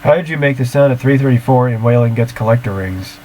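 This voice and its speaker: A man's voice: mid-range voice, fast talker, mellow. Man, casual Q&A video talk, technical, rambling, faint background hiss. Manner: matter-of-fact, technical, rambling. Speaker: siren-hobby video creator. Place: home, screen recording.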